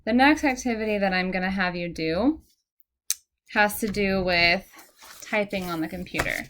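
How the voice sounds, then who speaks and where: A woman's voice: mid-range voice, moderate pace, a bit bright. A young woman teaching a one-on-one phonics lesson, patient and encouraging, explaining step by step, recorded on a computer in an indoor room.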